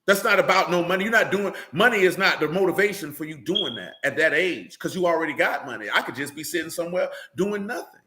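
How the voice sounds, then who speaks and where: A man's voice: a little high, expressive, fast talker, bright, forceful tone, reverberant. A man preaching in a blunt, profane street-slang manner, often asking "you know what I'm saying.". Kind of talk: streamed sermon-style rant.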